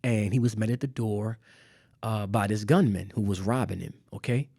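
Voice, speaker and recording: A man's voice: fairly low pitch, moderate pace, mellow, breathy edge, dry recording, studio quality. A man telling a personal story in a casual conversation. He repeats phrases for emphasis and laughs now and then. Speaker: guest artist.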